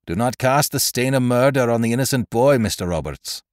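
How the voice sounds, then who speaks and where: A man's voice: mid-range voice, expressive, fairly quick, no room sound, clean studio sound, pitched above the performer's own voice, close to an everyday voice. A man voicing a sly, sanctimonious ship's gunner who speaks in a preaching manner in a storybook reading. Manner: preachy, unctuous.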